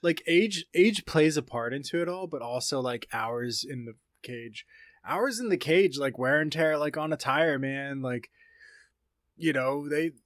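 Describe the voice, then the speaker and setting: A man's voice: on the high side, unhurried, a bit bright, no echo, studio quality. A man co-hosting a casual podcast, rambling through fight news with lots of fillers and reading quotes aloud. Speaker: podcast co-host.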